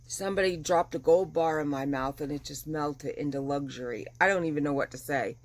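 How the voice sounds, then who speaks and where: A middle-aged woman vlogging at home in a casual chat, chatty and animated, getting over the flu. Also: low-pitched. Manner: chatty and animated, dramatic retelling. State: recovering from flu. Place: at home, windows open.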